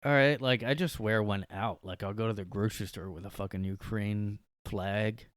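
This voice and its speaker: Dude ranting on his podcast, kinda low voice, super clear and dry, sarcastic, says like a lot. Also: fairly even intonation, moderate pace, no echo. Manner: rambling, sarcastic, heavy on "like". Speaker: podcast host. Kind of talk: casual solo podcast rant. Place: his bedroom.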